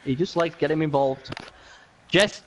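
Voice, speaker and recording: A man commentating a video game match casually, excitable and laughing often, with many restarts and repeats. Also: fairly high pitch, measured pace, a little hiss or hum.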